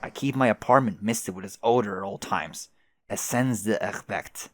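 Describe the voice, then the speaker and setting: A man's voice: lowish voice, normal speed, fairly bright tone, natural voice. A man putting on a smug teasing young woman.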